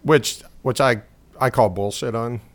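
A man's voice: mid-range voice, unhurried. A man co-hosting a casual podcast chat, rambling through jokes and opinions and laughing often. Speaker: podcast co-host.

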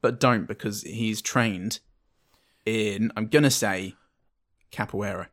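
A man co-hosting a casual film-review podcast, talking haltingly with many ums and playful asides. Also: lowish voice, a bit bright. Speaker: podcast co-host.

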